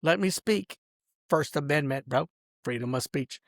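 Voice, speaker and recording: A man's voice: fairly high pitch, a little slow, dry recording, clean studio sound. A man in a rambling, angry vlog rant, boastful, smoking a cigar as he talks and saying "bro" and "dog" at every turn. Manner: smoking a cigar while talking. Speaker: vlogger.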